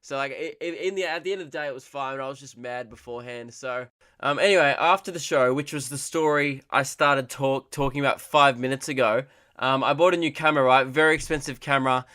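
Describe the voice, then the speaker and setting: A man's voice: medium pitch, a little fast, sharp tone, dry recording, clean studio sound. A man hosting a comedy podcast, telling a story casually, rambling with restarts and fillers and swearing freely.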